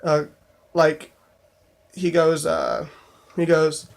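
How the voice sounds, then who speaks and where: A man's voice: fairly high pitch, monotone, extremely slow, gravelly. A young man casually telling a story from his job in a vlog, rambling with lots of fillers and restarts. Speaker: store clerk telling a work story.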